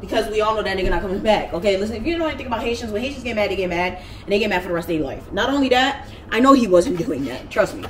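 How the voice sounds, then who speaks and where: A woman's voice: medium pitch, expressive, very fast, few pauses, slight background noise. Heated, profane woman vlogger. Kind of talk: storytime vlog. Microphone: camera.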